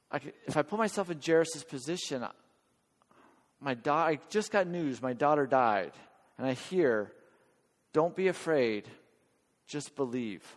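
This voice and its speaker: A man preaching a sermon in an earnest, conversational way, often checking in with his listeners. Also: on the high side. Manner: earnest, conversational, questions the audience. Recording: long hall reverb, church hall.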